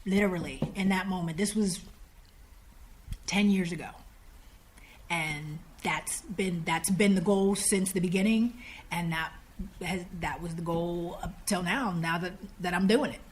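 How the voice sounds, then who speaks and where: A woman guest on a podcast telling a personal story in a casual, animated way and acting out the voices of people she quotes. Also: fairly low pitch, unhurried, slight background noise. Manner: animated, acts out quoted dialogue.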